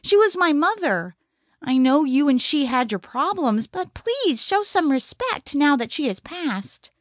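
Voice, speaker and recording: A woman narrator voicing a gentle, grieving woman of about sixty who speaks softly and pleadingly. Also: high-pitched, big pitch swings, a little slow, no room sound, studio quality, voice pushed up. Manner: soft and pleading. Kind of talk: audiobook character reading.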